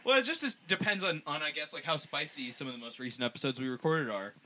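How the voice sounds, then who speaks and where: A man's voice: a little high, fast talker, crowd noise. A man co-hosting a comedy podcast, joking loosely and breaking into silly voices. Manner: animated, jokey, slips into silly impressions. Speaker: podcast co-host. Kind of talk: casual comedy podcast banter.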